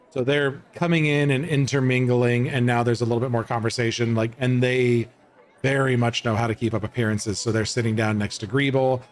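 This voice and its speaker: A medium-pitched man narrates a tabletop role-playing game as game master. His delivery is loose and halting, packed with fillers and restarts.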